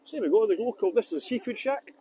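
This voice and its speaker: A man's voice: high-pitched, lively intonation, very fast, mellow, slight background noise. A Scottish man giving a casual live-streamed walking tour outdoors by a harbour, chatty and jokey, greeting viewers by name. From Scotland. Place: outdoors at a harbour ferry terminal.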